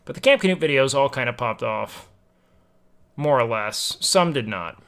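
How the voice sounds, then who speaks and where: A man's voice: medium pitch, lively intonation, normal speed, a bit bright, clean tone. A young man livestreaming, chatting casually and musing aloud to his chat, swearing now and then, at a home desk mic.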